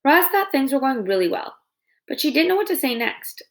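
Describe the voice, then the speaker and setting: A woman reads a children's novel aloud, one chapter at a time. Her voice is a bit high and moves up and down a lot, with some vocal fry. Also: sing-song, a little fast. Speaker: reader.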